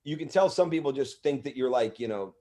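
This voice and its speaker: A man's voice: medium pitch, a little fast. A middle-aged man, a comedian guest, telling rambling, profane stories in casual chat. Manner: rambling, profane, animated bits. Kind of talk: casual storytelling.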